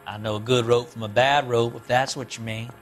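A man's voice: mid-range voice, fairly even intonation, fairly quick, soft background music, lightly acted. An actor playing a guarded male parolee giving terse answers in a video game interrogation. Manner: terse and evasive.

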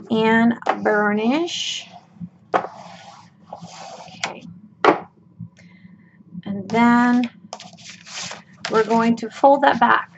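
A woman hosting a craft tutorial, talking casually through each step with her voice worn out, chatty and folksy with lots of ums and okays. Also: a little high. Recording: dull lo-fi with clear room noise.

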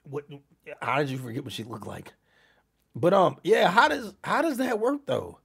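A young man hosting a live-stream reaction, loud and excitable, often calling out to his chat. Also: fairly high pitch, moderate pace, creaky, slightly rough.

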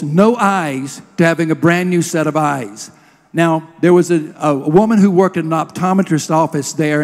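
A man's voice: on the high side, darkish tone. A man preaching a sermon, telling a healing story with emotion and leading a prayer. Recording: long hall reverb.

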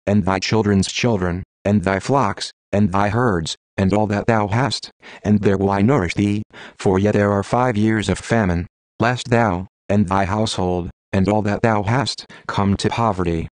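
Text-to-speech male voice, low pitch, dry close sound, scripture reading, measured clause-by-clause phrasing. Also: dry recording. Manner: steady, measured phrasing with a pause at every clause. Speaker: scripture reader.

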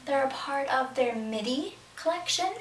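A woman's voice: high voice, animated, normal speed. A young woman chatting about her clothing haul in a bubbly way, sometimes dropping to a whisper for asides. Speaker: fashion vlogger. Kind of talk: casual clothing haul talk. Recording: echoey room, camera at a distance, faint background noise.

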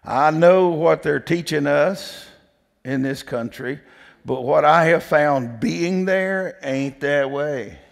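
A man's voice: on the high side, slow pace, gravelly. A man preaching a storytelling sermon in a folksy, emphatic way, pressing the congregation with repeated questions. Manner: folksy, emphatic, repeats "did you hear me". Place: church sanctuary. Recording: long hall reverb.

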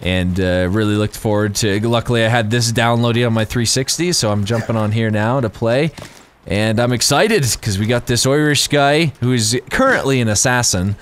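A man giving casual, rambling let's-play commentary while gaming, excitable and quick to laugh. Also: medium pitch, slight background noise. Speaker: gaming YouTuber.

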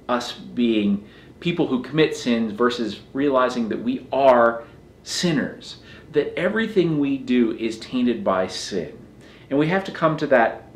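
A man's voice: medium pitch, echoey room, a little hiss or hum. A man preaching a sermon as pastor, earnest, often repeating phrases as he builds a point.

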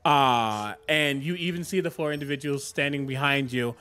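A man's voice: mid-range voice, moderate pace, sharp tone, clean tone. A man running a tabletop game as game master, narrating casually with many fillers.

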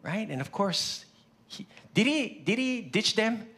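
A male pastor preaches in a slightly high, animated voice that jumps around in pitch. He keeps it conversational, checking in with the congregation with repeated questions, and his first language is Pidgin. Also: a little slow. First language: Hawaiian Pidgin. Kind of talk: sermon.

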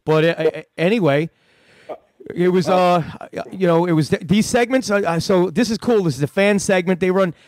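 Profane, rambling man with a high voice. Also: moderate pace, no room sound, clean studio sound. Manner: profane, rambling storytelling with many restarts. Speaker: prank-call comedian answering a fan. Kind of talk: casual radio chat.

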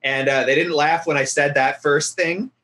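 A man's voice: fairly high pitch, fairly even intonation, moderate pace, bright, forceful tone. A man from near Winnipeg hosting a casual podcast, telling stories about himself with a self-mocking manner and frequent laughs. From near Winnipeg, Canada. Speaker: podcast host.

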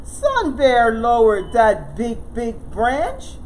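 A woman children's librarian reading a picture book aloud, expressive and slow. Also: a little high, slight background noise, rough recording. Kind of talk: storybook read-aloud narration.

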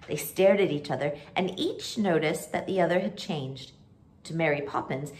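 A woman reading a children's book aloud as a storyteller, expressive and animated. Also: mid-range voice.

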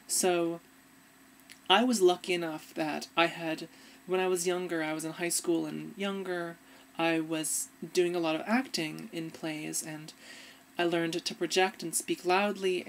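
A woman's voice: low voice, slight background noise. A woman vlogger giving casual, earnest advice to the camera, often trailing off and restarting.

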